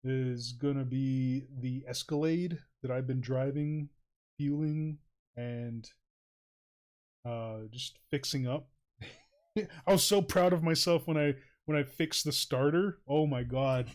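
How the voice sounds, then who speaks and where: A man's voice: fairly high pitch, slow pace. Rambling, chuckling male streamer. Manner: rambling, chuckling often, many fillers. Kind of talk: casual livestream chat while drawing.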